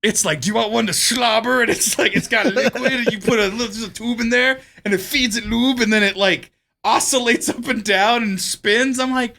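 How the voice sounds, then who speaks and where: A man's voice: extremely high pitch, brisk, creaky, sharp tone. A man co-hosting a podcast in casual chat, rambling and profane, laughing often as he tells stories. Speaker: podcast co-host.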